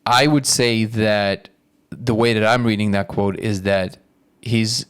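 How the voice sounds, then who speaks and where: A man with a low voice sits as a guest in a casual conversation. He is analytical and measured, and he restates points to check that he understands them. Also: fairly even intonation, clean tone. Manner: thoughtful, analytical, paraphrasing ideas back. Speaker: guest, actor.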